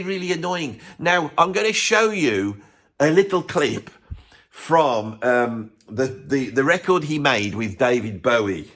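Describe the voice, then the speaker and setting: A man's voice: fairly high pitch, a bit bright. A man hosting a music channel, ranting his blunt opinions in casual talk to camera with chuckling asides.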